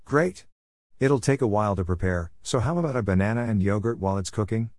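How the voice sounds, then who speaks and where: A man reading the lines of a kindly, practical grandmother who runs a camp, in his own lowish voice. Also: brisk, darkish tone, dry recording, studio quality, natural voice. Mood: friendly. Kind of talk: scripted narration.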